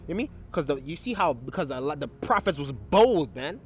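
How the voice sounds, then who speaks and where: A man's voice: fairly high pitch, very animated, moderate pace, hardly any pauses, husky. A man giving a casual Bible study, talking loosely with filler tags and restarts and reading scripture passages aloud. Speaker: Bible teacher.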